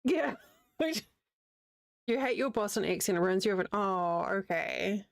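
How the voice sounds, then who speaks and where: A woman's voice: mid-range voice, animated, a little slow, vocal fry, no echo, studio quality. A young woman with a New Zealand accent, chatting casually with her livestream audience while she crochets, rambling and answering chat as she goes. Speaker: streamer.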